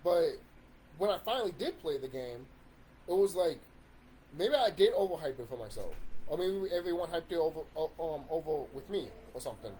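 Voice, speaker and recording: A man's voice: fairly high pitch, lively intonation, brisk, mellow, a little hiss or hum. A man in a casual ranting monologue about video games, swearing and rambling with restarts. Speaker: YouTube commentator.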